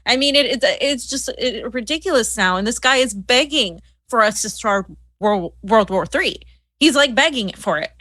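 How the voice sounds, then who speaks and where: Bright, heated woman co-host. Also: a little high, expressive, normal speed, no room sound. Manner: heated, scornful, many restarts. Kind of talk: political commentary chat.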